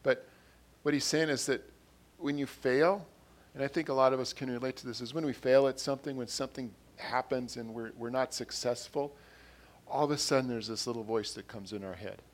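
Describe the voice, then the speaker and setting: Earnest male preacher, middle pitch. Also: steady tone, brisk. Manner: earnest, repeats phrases, rises in volume on quotes and scripture. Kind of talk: sermon.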